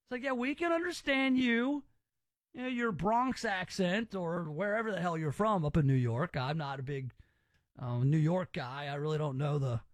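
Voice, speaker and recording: High-voiced opinionated man. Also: normal speed, no echo. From Southern US. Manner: opinionated and rambling. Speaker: podcast host. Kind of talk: casual chat.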